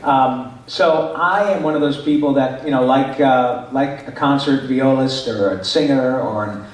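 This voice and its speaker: A man's voice: medium pitch, a little slow. Middle-aged male voice actor, rambling panel Q&A, distant mic in a big echoey room. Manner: chatty, rambling, with many fillers. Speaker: voice actor answering fan questions. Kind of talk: convention panel Q&A.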